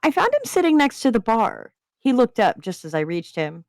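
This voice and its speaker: A woman hosting a writing-prompt stream, reading submitted stories aloud in an expressive way. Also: a little high, normal speed, gravelly, no room sound, clean studio sound. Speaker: podcast host reading submissions. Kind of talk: livestream story reading.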